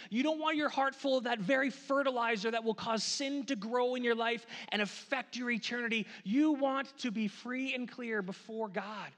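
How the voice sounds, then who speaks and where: A male pastor delivers a sermon from the front of his church, his voice sitting high. He slows down and drags out the lines that matter, then repeats short phrases for weight. The sound rings out with a long reverb through the sanctuary. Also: fairly bright tone. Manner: earnest, repeats phrases for emphasis; slow, drawn-out delivery on key lines.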